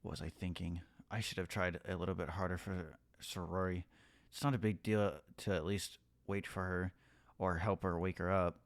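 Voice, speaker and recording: A man playing a story game, reading its text aloud in a hushed voice and breaking off to swear and react. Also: little pitch movement, normal speed, no room sound. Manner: reads the story in a hushed, low voice, breaking into swearing and alarmed outbursts. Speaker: gaming YouTuber. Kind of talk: reading a visual novel aloud while playing.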